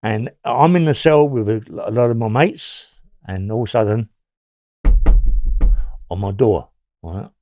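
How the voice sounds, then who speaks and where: Speaking as an interview guest, an older Englishman with a London accent rambles through old prison stories, blunt and freely profane. He has a fairly low, mellow voice, a little slow, with long pauses.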